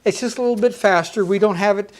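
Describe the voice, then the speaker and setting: A woman's voice: medium pitch, fast, a little mellow. A woman teaching a music lesson on rhythm, counting beats aloud in a patient, encouraging, plainspoken way.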